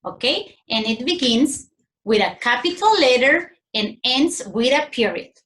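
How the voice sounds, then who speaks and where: A woman with a Mexican Spanish accent gives a recorded English lesson to young children. She speaks slowly and a little high, reading example sentences aloud with expressive tone. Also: poor audio. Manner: slow, patient, reads sentences aloud with expressive tone. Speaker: primary school English teacher.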